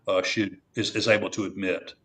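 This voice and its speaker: A man in his sixties with a lowish voice, talking as a podcast guest. He is measured and reflective, circles back on his words with fillers and restarts, and weighs each point before going on. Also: flat delivery, pushed and bright. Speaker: true crime channel creator, guest. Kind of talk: conversational podcast interview.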